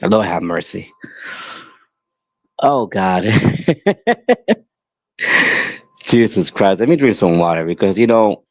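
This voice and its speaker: Male podcast host, angry emphatic monologue, unhurried pleading delivery, dry close sound. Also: low-pitched, lively intonation, a little mellow, no echo. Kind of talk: impassioned monologue.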